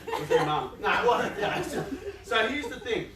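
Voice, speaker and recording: A man with a fairly high voice gives a playful, conversational motivational talk to a room full of people. The sound echoes around the space, and his voice is picked up from a distance with faint ambience underneath. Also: wildly swooping pitch, moderate pace, over a noisy crowd. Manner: conversational, playful, laughs often and acts out inner voices. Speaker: youth organisation speaker. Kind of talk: motivational talk to a live audience. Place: large room with an audience.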